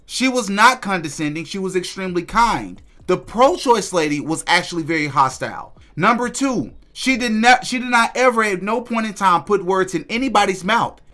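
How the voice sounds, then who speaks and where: A man's voice: high voice, sharp tone. A man hosting a podcast, giving emphatic, indignant commentary. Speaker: podcast host. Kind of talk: opinion commentary.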